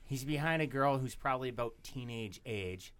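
A man's voice: medium pitch, expressive, moderate pace, fairly bright tone, slight background noise. A man co-hosting a podcast, telling a rambling story in casual, profane chat. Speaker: podcast co-host.

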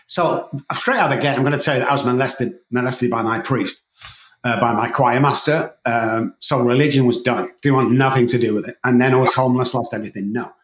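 A man being interviewed, telling his story in an emphatic, animated way. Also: mid-range voice, fairly quick. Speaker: guest, addiction coach. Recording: echoey room.

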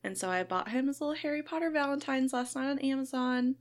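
An American woman in her thirties telling an animated story in casual chat, laughing often. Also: sits high, fast talker.

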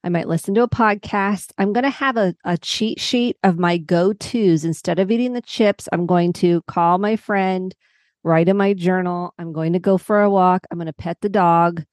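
A woman's voice: lowish voice, moderate pace, darkish tone, no room sound, studio quality. A middle-aged woman psychotherapist explaining coping steps as a podcast guest, walking through everyday examples. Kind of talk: podcast interview.

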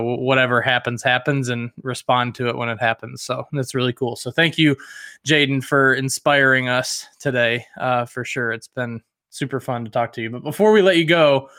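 A man's voice: mid-range voice, a bit bright, smooth, no room sound, studio quality. A man hosting a casual podcast, chatty and self-mocking, with lots of fillers. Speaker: podcast host.

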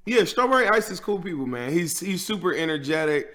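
A man's voice: high-pitched, sing-song, brisk, a bit bright. An American man, a guest who hosts a podcast, chatting easily about football with many fillers. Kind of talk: casual sports chat.

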